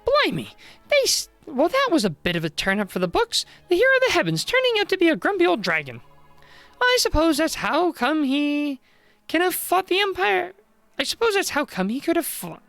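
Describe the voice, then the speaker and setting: A squeaky, cheeky fairy. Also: huge pitch swings, moderate pace, no echo, soft background music, exaggerated voice. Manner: chirpy, slang-heavy, high and bright. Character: cheeky small fairy with slangy accent.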